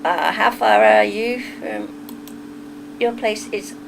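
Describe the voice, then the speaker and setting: A woman's voice: mid-range voice, drawn-out words, vocal fry. English woman, livestream host, casual chatty talk, frequent laughter, faint background noise. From England. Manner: chatty, laughs often, wanders off on tangents. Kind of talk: casual chat reading a live chat.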